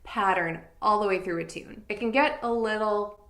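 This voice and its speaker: A woman teaching fiddle, explaining in a clear and patient way and counting beats aloud. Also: mid-range voice, moderate pace, a bit bright, reverberant. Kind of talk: instructional tutorial.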